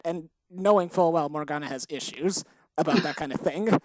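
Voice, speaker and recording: A woman's voice: sits low, lively intonation, brisk, no echo, poor audio. A woman co-hosting a podcast, ranting heatedly with lots of swearing and exasperation. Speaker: podcast co-host. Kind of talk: casual chat.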